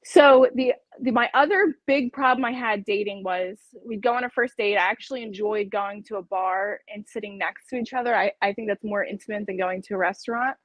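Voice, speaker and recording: A woman's voice: medium pitch, a little fast, hardly any pauses, no room sound, low-quality recording. A woman talking casually as an interview guest, chatty and laughing often as she acts out her own dialogue.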